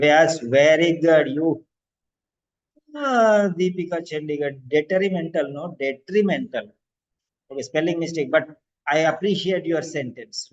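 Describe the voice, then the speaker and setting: A male language teacher who encourages and corrects students' sentences during an online exam-prep class. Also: on the high side. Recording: dull lo-fi audio.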